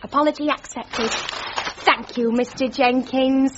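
A very high-pitched, giggly young cartoon shop worker. She talks slowly in a teasing way, and the sound is dull and lo-fi. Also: steady tone, background noise.

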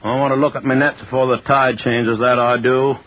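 A man's voice: mid-range voice, little pitch movement, natural voice. A man playing a feisty old fisherman. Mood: impatient. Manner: folksy, quarrelsome, quick to bristle. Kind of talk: 1930s radio drama acting. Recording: muffled old radio recording with hiss.

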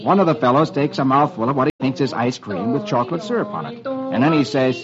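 A man's voice: medium pitch, expressive, fast, music in the background. A man hosting a radio show, cheerfully reading the comics aloud for children with rhyming patter. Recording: dull old radio recording with hiss.

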